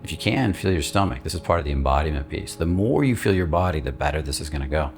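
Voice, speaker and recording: Man, very low voice, calm coaching talk, soft music underneath. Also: fast talker. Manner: calm, guiding, repeats key words for emphasis. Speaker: emotional release coach. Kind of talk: guided instructional talk.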